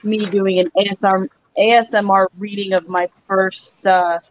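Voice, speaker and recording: A woman's voice: mid-range voice, little pitch movement, normal speed, slight background noise, rough recording. A woman writer chatting casually on a video call, rambling with plenty of fillers.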